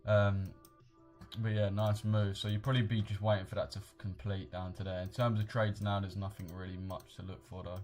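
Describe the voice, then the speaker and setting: Young guy on a trading livestream, lowish voice, slangy laddish banter, bit of music behind. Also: level tone, brisk, darkish tone. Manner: slangy, laddish, addresses chat as boys and mate. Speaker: live-streaming forex trader. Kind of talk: casual live-stream chat with viewers.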